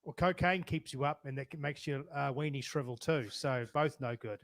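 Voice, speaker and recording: A male co-host throws in jokey asides during a relaxed interview. His voice is bright and sharp-edged. He sits at a middle pitch. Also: normal speed. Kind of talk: casual interview chat.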